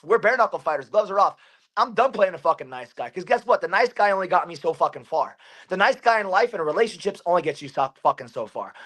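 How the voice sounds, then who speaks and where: A high-voiced man talking as a guest fighter on a podcast. He speaks with raw intensity and a steady stream of profanity, driving his points home with repetition. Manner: intense, profane, rising to a pumped-up rant. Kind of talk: fired-up podcast interview.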